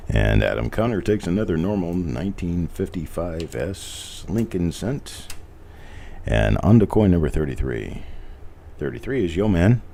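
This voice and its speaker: A middle-aged man with a very low voice hosts a live stream, chatting casually and reading out viewer comments. His speech swings up and down with lively intonation, and he keeps clearing a frog from his throat. He hammers points home by repeating them. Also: measured pace. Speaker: host of a live coin roll reveal stream.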